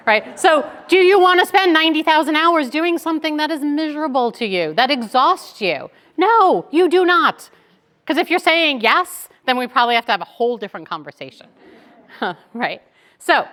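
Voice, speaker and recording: Female keynote speaker, 40s, somewhat high voice, chatty storytelling delivery with frequent "right?" check-ins. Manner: chatty, animated, tags lines with "right?".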